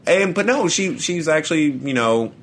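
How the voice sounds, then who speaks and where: Over slight background noise, a young man with a slightly high, somewhat bright voice co-hosts a podcast, animated and moderately paced. He rambles through stories, laughing often, stumbling and starting again.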